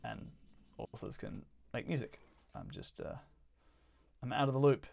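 A man talks his way through a game stream in a rambling, offhand chat and laughs often. His voice sits at a middle pitch with a gravelly, fry-touched texture. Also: animated, measured pace, a little mellow, a little hiss or hum. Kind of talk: casual chat while gaming.

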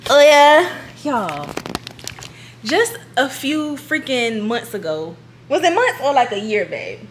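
A young woman chatting casually on her vlog, excitable and giggly, repeating herself as she talks. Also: fairly high pitch, takes it slowly, a little hiss or hum. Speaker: beauty vlogger.

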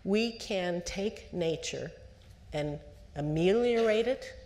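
A woman psychologist giving a lecture to parents at a conference, lively and conversational, putting on the voices of parents and children and asking the audience questions. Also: low voice, measured pace. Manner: asks the audience direct questions.

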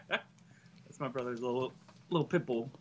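A man's voice: mid-range voice, a little slow. A man chatting as a guest on a talk show, laid-back and chuckling. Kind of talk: casual chat.

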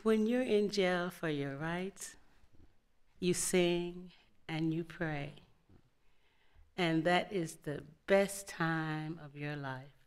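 A woman's voice: fairly low pitch, drawn-out words, pauses often, clear, resonant tone. An older woman on a stage panel, recalling her past in a plainspoken, good-humored way. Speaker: panelist, former civil rights activist. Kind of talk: recounting memories on a panel. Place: auditorium event on stage.

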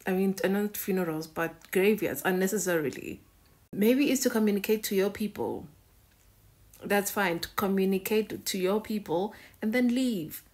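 A woman's voice: medium pitch, darkish tone. A woman hosting a reaction video in a casual, conversational way, often repeating words and phrases for emphasis.

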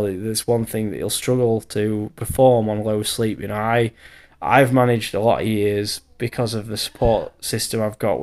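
This bricklayer vlogger, a man in his thirties, talks low with a darkish tone. He wanders through his casual narration, leaning on fillers and letting a curse slip now and then, and he comes across as short on sleep.

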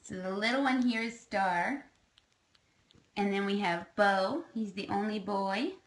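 A woman talks slowly and casually on a home livestream, narrating her foster kittens. She slips into soft, cooing baby talk with them, and her voice sits at an ordinary middle pitch. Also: poor audio.

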